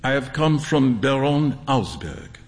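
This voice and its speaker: A man's voice: medium pitch, very animated, slow, long reverb tail. A man doing a courteous old Frenchman. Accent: slight French accent. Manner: formal, courteous. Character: polite old Frenchman, grey-haired messenger.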